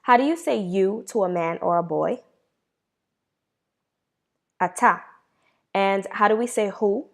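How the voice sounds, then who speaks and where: Female language teacher, patient and encouraging, quizzes then answers herself, slows down to model words. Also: medium pitch, expressive, vocal fry. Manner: encouraging, asks questions and answers them herself. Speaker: Hebrew teacher. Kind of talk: beginner language lesson.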